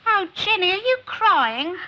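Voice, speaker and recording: A woman's voice: very high voice, very animated, a little slow, dull audio, heavily acted. A woman playing a flustered, chatty older businesswoman and mother in a 1960s TV sitcom. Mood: anxious. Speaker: company director. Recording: hissy 1960s TV recording.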